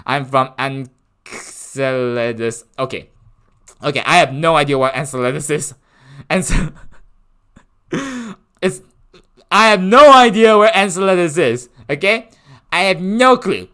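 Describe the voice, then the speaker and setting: A man's voice: fairly high pitch, animated, a little slow, pauses often, fairly bright tone. A man streaming live, chatting with his viewers in a playful, rambling way and laughing often. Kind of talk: casual live-stream chat.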